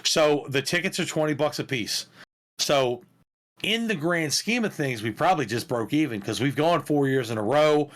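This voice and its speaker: A man in his thirties telling a story on a podcast, loose and animated, with crude language and frequent laughter. His voice sits a little higher than most men's. He keeps the tone chatty and unpolished. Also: moderate pace. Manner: animated, profane, laughs through his stories. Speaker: podcast co-host. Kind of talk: casual storytelling chat.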